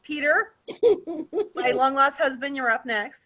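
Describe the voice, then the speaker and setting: A woman hosting a party on a video call, chatty and quick to laugh. Her voice is high and bright. The audio comes through muffled. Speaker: party host. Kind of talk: casual chat.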